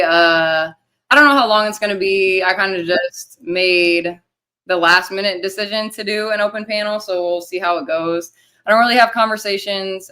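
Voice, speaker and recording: A young woman hosting a casual livestream, rambling loosely, swearing and giving shout-outs to the chat. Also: lowish voice, smooth. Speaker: livestream host.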